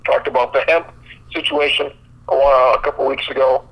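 A man's voice: mid-range voice, flat delivery, a little fast, gravelly, fairly bright tone, rough recording. A man co-hosting a casual podcast, ranting bluntly with frequent swearing. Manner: blunt, profane, exasperated ranting. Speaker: podcast co-host. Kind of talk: casual sports podcast chat.

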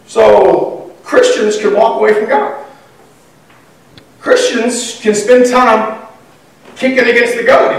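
A man preaching a sermon in a conversational, animated way, acting out the voices he quotes. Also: high-pitched. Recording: echoey room from far off.

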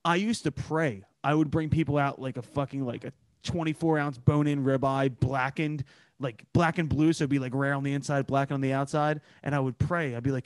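A young man in his twenties with a Philadelphia accent, hosting a casual podcast, telling animated stories and swearing freely. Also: medium pitch, brisk, no room sound. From Philadelphia area. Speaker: podcast host. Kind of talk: casual profane podcast chat.

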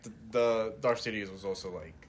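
A woman's voice: very deep voice, normal speed. A woman co-hosting a podcast in casual chat, laughing often and teasing her friends. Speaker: podcast co-host.

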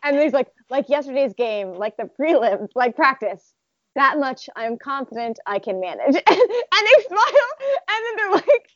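A woman with a high voice chatting on a podcast. She is animated, laughs a lot and acts out what characters say. Her sound is dry and lo-fi. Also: normal speed, no room sound. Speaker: podcast co-host. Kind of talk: casual chat recapping manga chapters.

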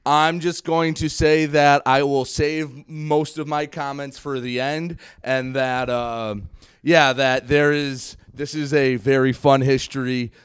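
A man hosting a sports podcast in relaxed, teasing banter. His voice is smooth and resonant, and it sounds dry and close to the mic with no room sound. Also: mid-range voice, no room sound. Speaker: podcast host. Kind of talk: casual sports chat.

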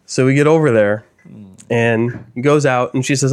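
A man's voice: mid-range voice, steady tone, moderate pace, clean tone. A young man on a podcast telling a rambling, self-deprecating story in casual chat. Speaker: podcast co-host.

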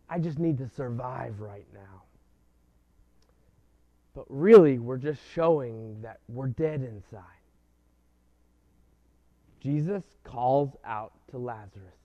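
A man preaching an earnest sermon, pausing often and posing rhetorical questions to his listeners. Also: a little high, a little mellow. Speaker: pastor. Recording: dull lo-fi recording.

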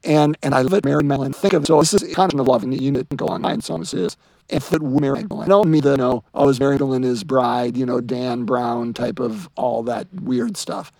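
A man's voice: medium pitch, creaky, darkish tone, dry recording. A man hosting a religious podcast, talking earnestly with many restarts and then leading a spoken prayer. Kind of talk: reflective religious chat and rosary prayer.

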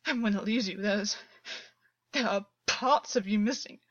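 A woman's voice: medium pitch, measured pace, fairly bright tone, no echo, lo-fi sound. A woman voicing a tormented male water-horse fae. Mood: despairing. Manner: frantic, broken pleading.

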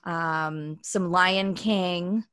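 A woman's voice: on the low side, steady tone, drawn-out words, a bit bright, clean tone. A woman co-hosting a podcast in casual chat, playful and teasing. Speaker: podcast co-host.

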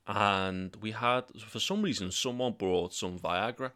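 A man's voice: unhurried, bright, forceful tone, smooth. A young man telling crude stories in casual chat, swearing freely. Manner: swears freely, laughs while telling stories, mimics voices in sudden high bursts.

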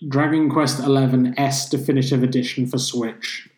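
A man's voice: mid-range voice, steady tone, normal speed, darkish tone, reverberant, rough recording. Man, swears freely in casual chat. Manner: swears freely, mimics accents while retelling. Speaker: podcast co-host.

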